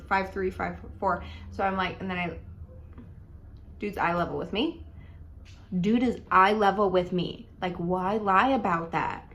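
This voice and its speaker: A young woman casually telling a dating story at home in a chatty, animated way, full of likes and ums. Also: mid-range voice. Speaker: vlogger.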